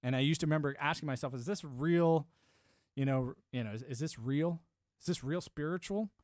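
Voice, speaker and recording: A man's voice: on the high side, brisk, darkish tone, dry recording. Rambling emphatic American man, dry sound. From United States. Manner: rambling, emphatic, repeats words when restarting. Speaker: streamer. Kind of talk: casual monologue.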